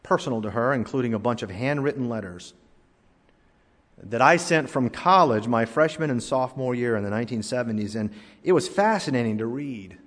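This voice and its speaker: An older male pastor delivers a sermon in a church sanctuary, mid-pitched and animated. He acts out the voices in his anecdotes. The long reverb of a large hall hangs behind every line. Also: brisk.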